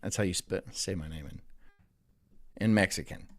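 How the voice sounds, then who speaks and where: A man's voice: low voice, moderate pace, no room sound, studio quality. A man live streaming, rambling crudely with frequent swearing and laughter. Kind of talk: casual live-stream chat.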